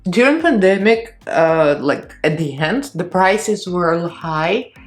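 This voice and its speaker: Woman, thirties, strained shaky voice, rambling candid chat, soft music underneath. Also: on the low side, lively intonation, slow pace. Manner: rambling, candid, laughs between phrases. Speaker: beauty vlogger and fitness instructor. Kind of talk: chatty get-ready-with-me vlog. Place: home beauty desk.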